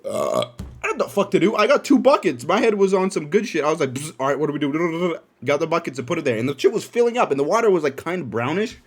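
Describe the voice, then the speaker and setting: A young man tells a rambling story as a podcast host, swearing freely. His voice sits a little higher than most men's and keeps jumping up into loud, excited bursts before dropping back to a low, muttered aside. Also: fast, husky. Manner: animated, profane, swings into loud excited outbursts. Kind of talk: casual storytelling.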